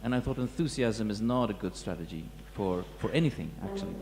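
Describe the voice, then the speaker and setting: Man lecturing, thoughtful and halting, warm low tone, recorded in a reverberant hall with light hum. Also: lively intonation. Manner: halting, many restarts and fillers, reflective. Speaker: museum curator giving a talk. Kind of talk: lecture talk to an audience. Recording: echoey hall with faint hum.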